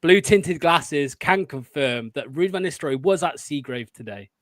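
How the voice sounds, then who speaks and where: Chatty male fan co-host, slightly high pitch, dry close sound. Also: expressive, normal speed, no echo. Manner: confident, chatty, fillers like um. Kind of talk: casual football fan chat.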